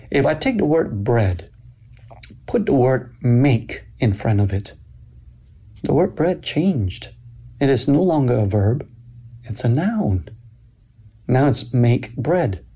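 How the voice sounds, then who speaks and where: A man giving a slow, deliberate sermon-style talk at a church summit, explaining scripture with emphatic pauses. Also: medium pitch, mellow, husky.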